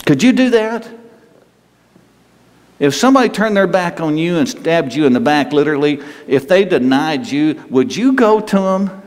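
A man's voice: fairly high pitch, expressive, a little mellow. Guy preaching to his church, chatty with questions, big echoey hall. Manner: conversational preaching with pauses and rhetorical questions. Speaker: pastor. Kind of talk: sermon. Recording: long hall reverb.

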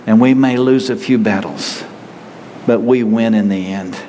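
A man's voice: fairly low pitch, measured pace, warm tone, long reverb tail, slight background noise, poor audio. A man preaching a sermon as pastor, earnest and growing emphatic as he reads scripture.

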